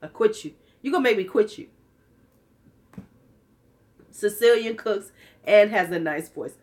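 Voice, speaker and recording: A woman in her fifties talks straight to her viewers in a candid, joking, sassy way. She keeps a casual livestream chat going at a mid pitch, and her voice sounds a little worn out. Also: animated, a little slow, darkish tone. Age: 50s. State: slightly worn-out voice. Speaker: vlogger.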